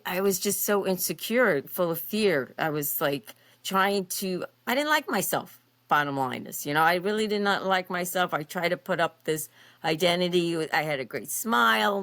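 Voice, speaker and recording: A woman in her fifties, a podcast guest, telling her personal story in an expressive, animated way with frequent fillers. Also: lowish voice, no echo.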